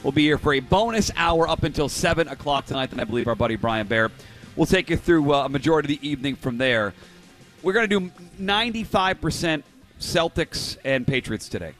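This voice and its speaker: A male sports radio host talking live from a restaurant. His voice sits a little high and he fires off strong opinions in loose banter. Soft music hums faintly underneath. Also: expressive. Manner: opinionated, rapid back-and-forth. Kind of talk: casual sports talk.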